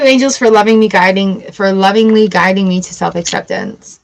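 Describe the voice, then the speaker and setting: A woman's voice: medium pitch, normal speed, gravelly, hardly any pauses. A woman giving a casual tarot reading, chatty and playful, with the odd swear word. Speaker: tarot reader.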